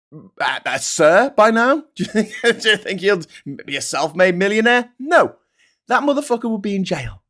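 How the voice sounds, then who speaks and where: A man delivering a profane, sardonic political rant. His voice is fairly high and swings widely in pitch. He jabs at his targets with mocking asides. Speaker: political commentary vlogger. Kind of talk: ranting political commentary.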